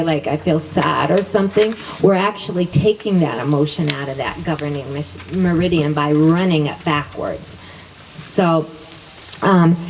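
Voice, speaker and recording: A middle-aged woman teaches a class in an upbeat, chatty way, repeating each affirmation twice and laughing often. Her voice sits at a middle pitch and sounds set back from the microphone. Faint background noise runs under her words. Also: recorded from a distance, rough recording. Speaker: wellness teacher.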